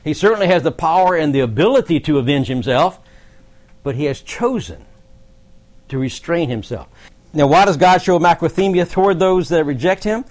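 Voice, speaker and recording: A man's voice: on the high side, animated, normal speed, a little mellow. A man teaching a Bible study, explaining verses in a conversational way with asides to the group. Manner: conversational, explanatory, occasional laughs.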